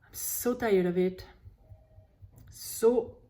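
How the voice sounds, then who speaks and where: A woman leading a guided tapping session, slowly voicing frustration in short repeated phrases while naming tapping points. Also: mid-range voice, mellow. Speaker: EFT tapping coach.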